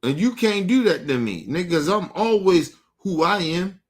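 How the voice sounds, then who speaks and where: A man's voice: sits high, animated, moderate pace. A man delivering an angry, profane monologue to his audience, repeating himself and challenging his target directly. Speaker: show host.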